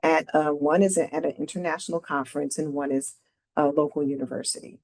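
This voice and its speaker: Low-voiced woman explaining slides conversationally. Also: fairly even intonation, a little fast, darkish tone. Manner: conversational, often adds "right?" to check in. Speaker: career advisor presenting a workshop. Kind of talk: presentation walking through slides.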